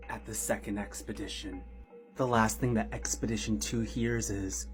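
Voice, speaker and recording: A man's voice: fairly low pitch, flat delivery, moderate pace, faint music behind. A man casually telling a horror story, chatty with slang asides and dramatic build-up.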